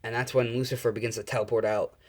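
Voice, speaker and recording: A man's voice: medium pitch, level tone, fast talker. Rambling casual male storyteller. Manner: casual and rambling, with fillers and self-corrections. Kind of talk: improvised fan-fiction storytelling.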